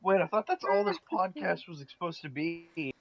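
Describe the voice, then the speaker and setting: A man's voice: sits high, normal speed, vocal fry. Cursing man ranting, lo-fi sound. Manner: profane, ranting. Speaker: podcast co-host. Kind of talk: casual gaming chat. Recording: dull lo-fi sound.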